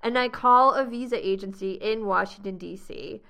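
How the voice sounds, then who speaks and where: A young American woman hosting a travel podcast, telling a story in a lively, laughing way. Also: medium pitch, moderate pace, gravelly, smooth. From United States. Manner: animated storyteller, laughs often. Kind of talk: casual storytelling chat.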